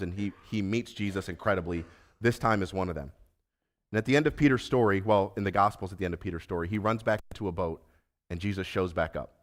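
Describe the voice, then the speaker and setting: A man preaching a sermon as pastor, conversational and earnest, building to emphatic repeated lines. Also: lowish voice. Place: church sanctuary.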